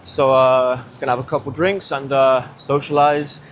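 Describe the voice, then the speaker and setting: A man's voice: medium pitch, little pitch movement, normal speed, slight background noise. Rambling young British man vlogging outdoors. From Britain. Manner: rambling, swears casually. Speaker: travel vlogger. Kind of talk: casual vlog chat. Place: outdoors on windy city streets.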